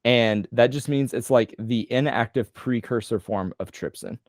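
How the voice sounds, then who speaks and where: A man tutoring a student on a video call, explaining loosely with casual slang and quick self-corrections. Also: mid-range voice, darkish tone, no room sound, clean studio sound. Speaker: medical tutor.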